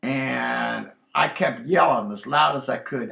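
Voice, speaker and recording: A man telling a personal story in a halting, earnest way, pausing often on fillers. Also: fairly high pitch, gravelly, a bit bright. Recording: roomy echoey recording.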